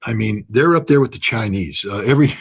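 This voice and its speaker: A man's voice: lowish voice, animated, quick pace, creaky, breathy edge. A man speaking as a guest analyst in an interview, blunt and sarcastic and often joking. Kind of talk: animated interview commentary.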